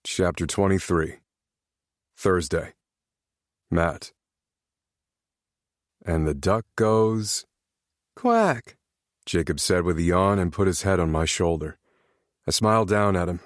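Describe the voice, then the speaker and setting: Deep-voiced man narrating romance calmly. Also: unhurried, long pauses, dry recording, clean studio sound. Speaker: audiobook narrator.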